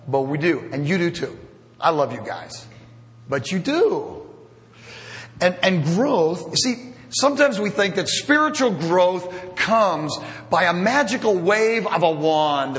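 A man's voice: a little high, fairly bright tone. Conversational male pastor in a reverberant hall. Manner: conversational, self-deprecating, with asides and humor. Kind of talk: sermon. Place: church sanctuary. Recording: long reverb of a church hall.

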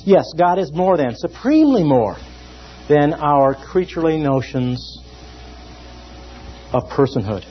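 A man gives a classroom theology lecture, his voice rising and falling with emphasis. He pauses often between phrases and pitches a little higher than most men. The recording sounds dull and lo-fi. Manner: lively and emphatic, with many pauses. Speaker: theology teacher.

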